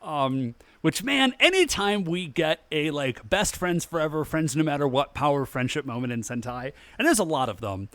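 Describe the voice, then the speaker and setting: A man co-hosting a podcast in casual chat, recapping the plot in a relaxed way. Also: on the high side, moderate pace, few pauses, dry recording. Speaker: podcast co-host.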